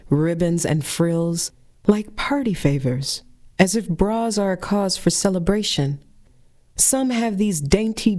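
A woman telling a personal story as a performance, with wry, deadpan humor. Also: lowish voice.

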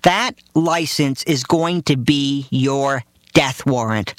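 A man voicing an overbearing, alarmist older father who shouts doom-laden warnings. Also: slow, dry recording, clean studio sound, natural voice. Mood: ominous. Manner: shouting, ranting in a high strained voice.

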